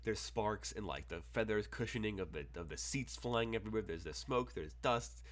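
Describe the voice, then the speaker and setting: A man's voice: lowish voice, normal speed. A man narrating as game master, rambling with many fillers and chuckles.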